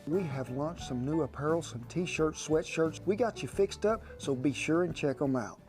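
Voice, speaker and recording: A cooking show host with a drawl, folksy and easygoing, calling his guest sugar. His voice sits a little high for a man. Light music plays faintly behind him. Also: moderate pace, darkish tone.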